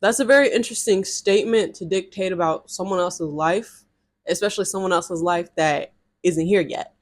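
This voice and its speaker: A woman's voice: on the low side, normal speed. Chatty young woman telling a story. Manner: chatty and animated, with heavy use of "like" and reenacted dialogue. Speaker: storytime vlogger. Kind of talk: casual storytelling to camera.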